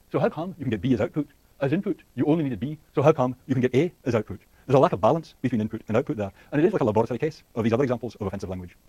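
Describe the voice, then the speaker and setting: A man's voice: medium pitch, mellow, breathy edge, no echo. A man giving a university lecture, thinking aloud with many fillers and restarts and putting questions to the class. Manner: asks the class questions and laughs lightly.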